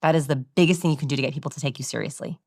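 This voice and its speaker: A woman with a low voice for her sex explains communication research in an interview, lively and quick to demonstrate. The recording is close and dry. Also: no room sound. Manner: animated, demonstrating vocal examples.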